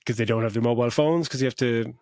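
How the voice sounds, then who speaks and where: A man's voice: mid-range voice, fast talker, a little mellow, no room sound, clean studio sound. A middle-aged man co-hosting a podcast, laid-back and swearing freely while retelling film scenes. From Ireland. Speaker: podcast co-host. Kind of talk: casual film review chat.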